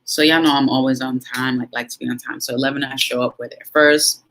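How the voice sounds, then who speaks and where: A young adult woman vlogger telling a story casually to camera, frank and animated, with dramatic pauses and asides to her viewers. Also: extremely low pitch, low-quality recording.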